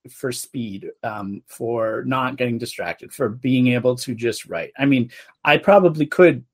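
Host: an easygoing man, mid pitch, hesitant and filler-heavy. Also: measured pace. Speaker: podcast host. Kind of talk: casual chat.

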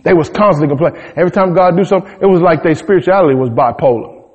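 A man preaching a sermon, retelling the story in a humorous, slangy, animated way. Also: a little high, rapid-fire. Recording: dull sound in a reverberant hall.

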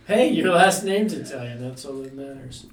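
A man's voice: mid-range voice, expressive, normal speed, a little hiss or hum. A man co-hosting a casual podcast from home, trading dry wisecracks. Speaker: podcast co-host. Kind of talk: casual banter. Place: dining room at home. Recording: roomy home recording.

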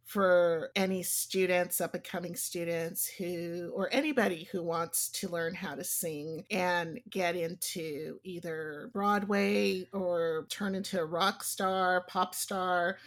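A woman hosting a podcast interview, asking her questions in an unhurried way and laughing along with her guest. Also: lowish voice, fairly even intonation. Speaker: podcast host.

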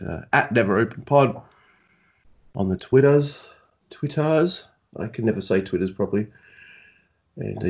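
A man's voice: fairly low pitch, darkish tone, highs cut off. A man hosting a podcast in casual, rambling, self-deprecating chat. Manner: rambling, self-deprecating, many fillers and restarts. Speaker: podcast host.

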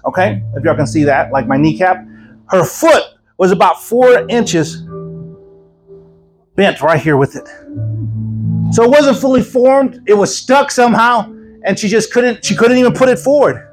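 A man preaching a sermon as an evangelist at a church service, telling stories in a lively, joking way. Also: sits high, low-quality recording. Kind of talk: sermon with storytelling.

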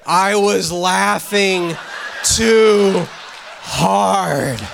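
A man voicing a cheerful man with a damaged voice box, speaking low and strained. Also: drawn-out words, creaky, background noise, heavily acted. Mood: cheery.

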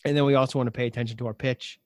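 A man's voice: mid-range voice, fairly even intonation, very fast, dry recording, clean studio sound. A man hosting a podcast interview, thinking aloud and rephrasing his guest's advice in his own words. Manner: thoughtful, summarizes and rephrases the guest's points. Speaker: podcast host. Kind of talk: conversational interview.

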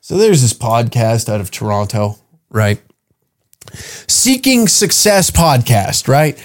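A man's voice: medium pitch, sing-song, slow. A man hosting a comedy podcast, ranting in an exasperated, profane way. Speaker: podcast host.

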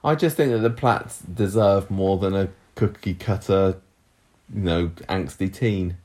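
A man co-hosting a casual podcast, chatting and reading out listener messages with quick asides. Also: low voice, a little mellow. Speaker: podcast co-host.

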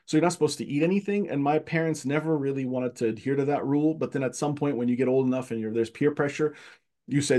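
A man from Egypt, a podcast guest, telling childhood stories in casual conversation, lively and often repeating words as he searches for them. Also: medium pitch, fast.

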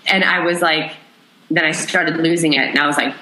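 A young adult woman, an interview guest, recounting a personal story in an emotional, halting way with many pauses. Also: low-pitched, creaky, sharp tone. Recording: roomy echo.

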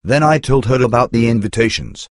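A man narrating a first-person memoir in a measured, earnest storytelling manner. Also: mid-range voice, dry recording, studio quality.

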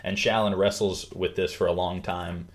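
A man's voice: sits low, normal speed. A man hosting a casual talk, eagerly retelling a book's plot and acting out the characters with yelps and laughs. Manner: animated storyteller, acts out characters with yelps and laughs. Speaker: host explaining a book.

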